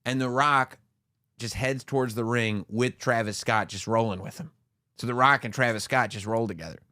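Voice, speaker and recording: A podcast co-host with a mid-range voice excitedly recounts a wrestling show blow by blow in casual chat. He is an animated storyteller, acting out quoted lines with dramatic pauses. The sound is studio quality with no room sound.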